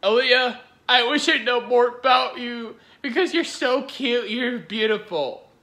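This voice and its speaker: A man's voice: extremely high pitch, measured pace, bright, forceful tone. A man giving giggly, rambling reaction-video commentary, gushing over what he watches.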